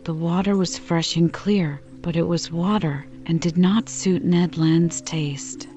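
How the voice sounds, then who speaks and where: A woman narrates a classic novel at a slow, measured pace, her low-set voice soft and mellow. The recording sounds dull and lo-fi, with faint music in the background. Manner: measured, even storytelling. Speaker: audiobook reader.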